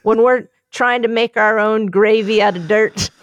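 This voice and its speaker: A woman's voice: on the high side, fairly even intonation, a little slow, smooth, no echo, dull audio. A woman co-hosting a podcast in casual, playful, joking chat. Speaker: podcast co-host.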